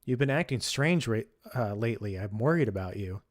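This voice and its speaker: A man's voice: lowish voice, animated, a little fast. A man voicing earnest worried college girl Yo. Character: earnest young female college student, worried and caring.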